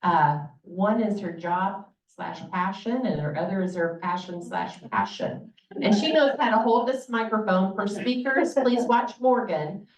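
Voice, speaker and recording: A woman moderating a community event, introducing the next speaker in a brisk, organizing way. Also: mid-range voice, animated. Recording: echoey room from far off, dull.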